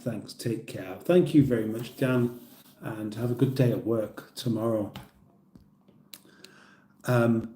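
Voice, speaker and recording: Chatty British man with a mellow, roomy voice. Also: mid-range voice. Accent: British English. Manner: chatty, rambling, laughs at his own jokes. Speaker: livestream host. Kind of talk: casual livestream chat reading comments.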